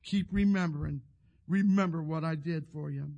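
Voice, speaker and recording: A man's voice: a little high, normal speed, creaky, a little mellow, dull audio. A male pastor preaching a sermon, telling a story and leading a prayer, with frequent restarts and repeated words.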